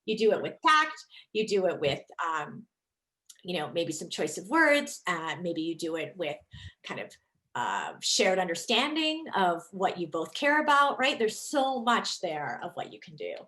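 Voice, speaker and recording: Speaking unhurriedly in a fairly low register, this thirtysomething leadership coach gives a chatty, enthusiastic presentation via video call. Her manner is lively, and her talk is full of fillers.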